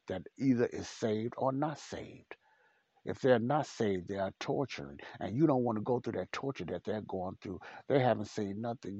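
A man's voice: lowish voice, a little mellow, breathy edge, no room sound, lo-fi sound. A man preaching a podcast sermon in a blunt, repetitive, emphatic way.

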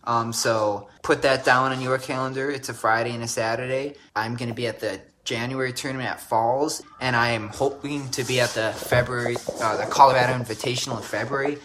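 A man's voice: medium pitch, fairly even intonation, fairly quick, few pauses, fairly bright tone, a little hiss or hum. A man joining a podcast as a guest, talking in an upbeat, lighthearted way. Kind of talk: casual podcast talk.

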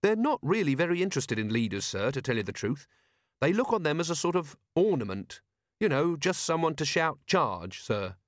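A man's voice: a little high, sing-song, moderate pace, no room sound, voice pushed up. A man playing an eager, dutiful young watch captain, earnest and polite to a fault. His voice is lifted a little above the narrator's own. The recording is dry and close. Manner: eager, dutiful, keeps adding "sir". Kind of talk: audiobook character voice.

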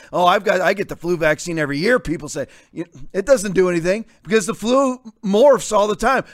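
A man in his fifties hosts a talk show and rants with combative sarcasm. His voice sits high for a man. The recording is dry and close. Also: dry recording. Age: 50s. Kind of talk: opinionated commentary.

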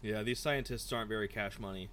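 Rambling animated man, podcast co-host. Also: on the low side, fast talker, slight background noise. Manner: rambling, animated, mimics characters mid-story. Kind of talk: casual book discussion.

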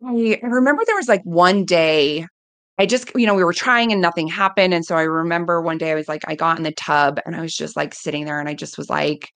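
A woman's voice: fairly low pitch, a little fast, a bit bright, dry recording. Earnest woman telling a personal story. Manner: earnest, emotional, quotes herself often. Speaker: interview guest, coach. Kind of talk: casual interview storytelling.

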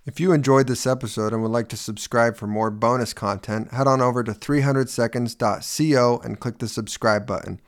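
Man telling a rambling deadpan story. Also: mid-range voice, brisk, hardly any pauses. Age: 20s. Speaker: podcast host. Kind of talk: casual comedic chat.

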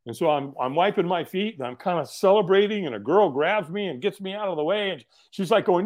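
Lively high-voiced man telling a story. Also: a little fast. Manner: animated storyteller who acts out quoted voices, laughs often, swears casually. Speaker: podcast guest. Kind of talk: casual storytelling interview.

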